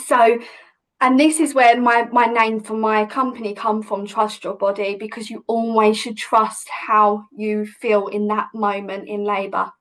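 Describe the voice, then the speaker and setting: A woman's voice: medium pitch, flat delivery, unhurried, a bit bright, poor audio. A woman, a podcast guest vividly retelling a personal story with many restarts. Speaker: podcast guest, hypnobirthing teacher.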